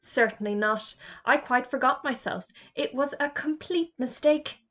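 A woman's voice: sits high, unhurried, a bit bright, voice pushed up. A woman reading aloud, voicing a kindly, patient male schoolteacher who is a magician. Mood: earnest. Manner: patient, mildly fretful.

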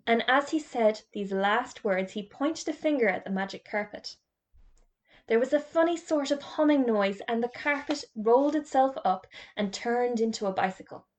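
A woman reading a children's storybook aloud in a gentle, measured narrating voice. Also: a little high, animated.

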